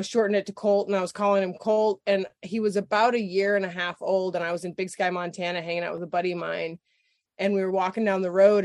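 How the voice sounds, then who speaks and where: A woman, a podcast guest, telling a story in casual chat. She is animated, swears freely and laughs often. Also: mid-range voice, dry recording.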